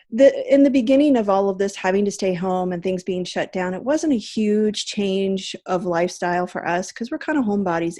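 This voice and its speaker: A woman's voice: mid-range voice, a little mellow. A woman in her thirties hosting a casual video chat, talking in an earnest, chatty way with frequent fillers. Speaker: host.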